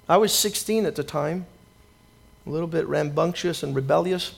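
A man preaches a sermon that includes his personal testimony, speaking at normal speed in a husky voice with vocal fry. He often repeats words at the start of his phrases and goes low and quiet when acting out his younger self.

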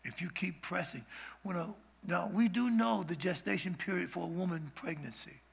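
A man's voice: high-pitched, moderate pace, vocal fry, slightly rough. A man preaching an informal sermon as a guest preacher, in an emphatic, conversational way.

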